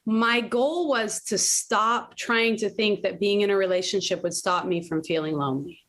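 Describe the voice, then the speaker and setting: Speaking at a normal speed with a medium-pitched voice, this podcast guest is a woman in her late thirties. Her casual chat is candid and lively storytelling, full of frequent laughter and the occasional swear word.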